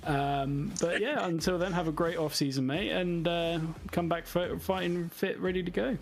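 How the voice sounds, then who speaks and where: A man's voice: a little high, steady tone, moderate pace, vocal fry, a little hiss or hum. A man hosting a racing livestream, interviewing a driver with chatty, friendly banter. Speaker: stream host, interviewer.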